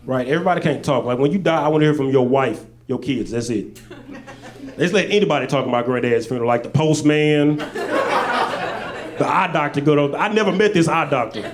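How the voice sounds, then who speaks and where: A man from Arkansas, doing stand-up storytelling on stage with laid-back, deadpan asides. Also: a little high, fairly quick. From Little Rock, Arkansas. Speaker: stand-up comedian. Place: stage at a live show.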